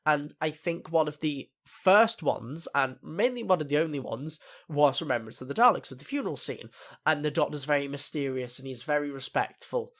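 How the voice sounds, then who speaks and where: A man's voice: on the high side, lively intonation, moderate pace, fairly bright tone. Rambling young man reviewing TV. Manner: rambling, many fillers and restarts. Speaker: TV review vlogger. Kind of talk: casual spoken review.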